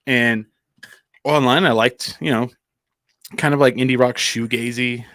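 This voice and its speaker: A man's voice: medium pitch, fairly even intonation, a little slow, a bit bright, no room sound, clean studio sound. A man from Albuquerque telling a casual anecdote on a comedy podcast, rambling with plenty of "like" and restarts. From Albuquerque, New Mexico.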